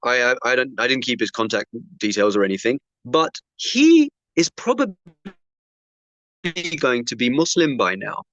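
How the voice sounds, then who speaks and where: A male preacher telling a personal story in a sermon, acting out the dialogue with lively shifts of voice. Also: medium pitch, moderate pace, no echo, muffled recording. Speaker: Muslim preacher.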